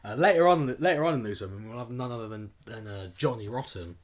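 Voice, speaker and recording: A man's voice: mid-range voice, fast talker. A man co-hosting a podcast, rambling through a story in casual chat with lots of fillers. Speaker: podcast co-host.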